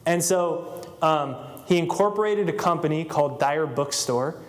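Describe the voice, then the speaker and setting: A man's voice: on the high side, normal speed. A man telling a story to a live audience in a loose style, with many fillers. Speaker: motivational speaker.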